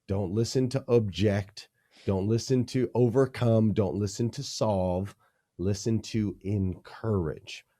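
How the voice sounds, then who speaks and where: A man's voice: fairly low pitch, fairly even intonation, takes it slowly, dark tone. A man, a leadership coach, being interviewed on a podcast, teaching energetically in punchy, repeated phrases.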